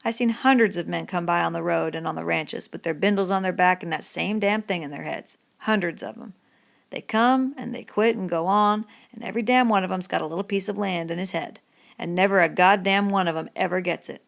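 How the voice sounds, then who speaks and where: A woman's voice: lowish voice, fairly quick. Woman reading as a bitter, lonely stable hand. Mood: scornful. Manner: rough rural dialect, brooding and needling. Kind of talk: audiobook reading.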